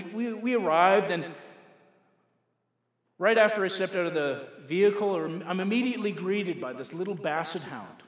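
A man preaching a sermon, moving from a told story to forceful preaching, recorded in a reverberant hall. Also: on the high side. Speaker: pastor. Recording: echoey hall with long reverb.

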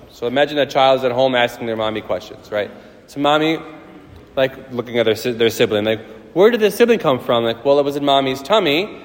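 A man, a priest, giving a casual, storytelling sermon with playful voiced asides. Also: medium pitch. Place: church. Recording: church hall reverb.

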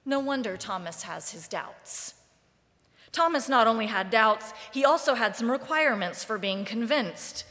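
Slow, wry woman preaching in a reverberant sanctuary. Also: on the high side, lively intonation, pushed and bright. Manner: deliberate, wry and conversational. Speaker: pastor. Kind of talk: sermon. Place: church sanctuary. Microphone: live-streamed service mic. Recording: long reverb of a church sanctuary.

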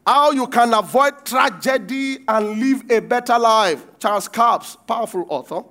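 A man preaching a sermon, reading verses and breaking off to quiz the congregation, acting out the quoted lines with sudden shouts. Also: extremely high pitch, unhurried. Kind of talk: sermon with call-and-response.

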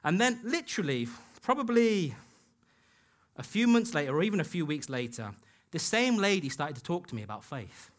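A man's voice: fairly high pitch, very animated, moderate pace. Man, preacher, sermon, earnest personal story, quoted dialogue, church hall.

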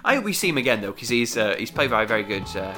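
A man hosting a casual chat, recapping a show episode with a lively storytelling manner. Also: mid-range voice, very fast, over music. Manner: lively storytelling with frequent laughs. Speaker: podcast host recapping the episode.

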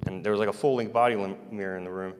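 A man telling a long personal story in a halting, rambling way, with many fillers and restarts. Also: fairly low pitch, steady tone, slight background noise. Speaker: storyteller recounting personal experiences. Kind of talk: rambling first-person account. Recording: long hall reverb.

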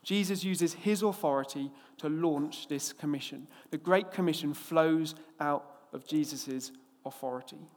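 A man preaching a sermon from England, opening with a lively anecdote in which he acts out the characters before turning to scripture. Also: on the high side, a little slow, few pauses, in a large hall.

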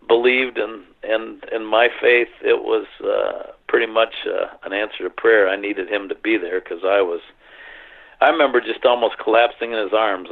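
A middle-aged man recounting a personal story in an earnest, halting way, full of fillers and restarts, over a phone line. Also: fairly low pitch, vocal fry. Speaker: interview guest.

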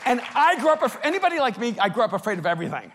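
A man from El Salvador preaching a sermon, telling stories with big swings from soft to loud. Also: extremely high pitch, big pitch swings, very fast, some chatter behind, a little hiss or hum. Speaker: pastor.

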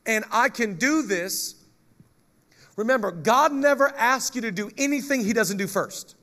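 A male pastor delivers a lively sermon, reading scripture aloud and trading jokes with the congregation. His voice is very high, and he speaks at an unhurried pace.

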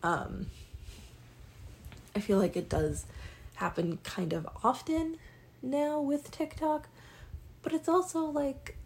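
Young female vlogger, gravelly low-ish voice, loose self-deprecating ramble. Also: a little mellow. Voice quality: raspy, creaky. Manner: rambling, self-deprecating, many ums and restarts. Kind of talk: casual monologue.

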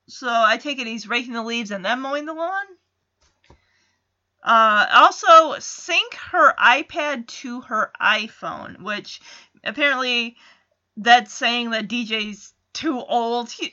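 A woman's voice: fairly high pitch, animated, takes it slowly, pushed and bright, muffled recording. A woman chatting through a casual episode recap, with amused asides.

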